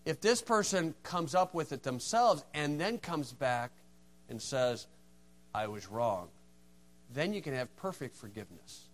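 Male preacher, fairly high voice, folksy, moves from hushed asides to loud, forceful acted lines. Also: animated, normal speed. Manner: folksy storytelling, acts out dialogue, swings from hushed to shouting. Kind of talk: sermon.

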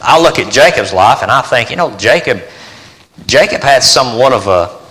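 A middle-aged man preaching a sermon, telling a personal story earnestly, dropping to hushed tones and then building to emphatic points. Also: mid-range voice, lively intonation, moderate pace. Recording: long hall reverb.

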